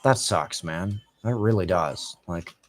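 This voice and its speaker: A man's voice: deep voice, slow. A young man ranting casually and profanely while playing a game, talking to his chat. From Canada. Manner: profane, frustrated ranting, swears constantly. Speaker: gaming streamer.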